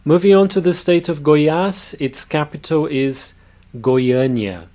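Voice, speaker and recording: A man giving a pronunciation lesson, sounding out words slowly and carefully. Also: a little high, a little mellow. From Brazil. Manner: slow, careful demonstration of words. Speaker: language teacher.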